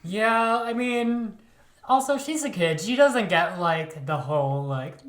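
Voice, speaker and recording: A woman's voice: fairly low pitch, lively intonation, a little slow, roomy sound. A woman co-hosting a podcast, reacting in casual, chatty talk full of fillers. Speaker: podcast co-host. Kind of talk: casual chat.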